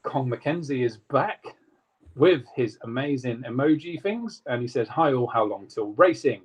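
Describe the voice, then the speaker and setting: A man's voice: medium pitch, lively intonation, breathy edge. Chatty man reading viewer comments. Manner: reads out viewer comments in a quick, jokey way. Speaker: co-host reading live chat. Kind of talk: casual live-stream chat.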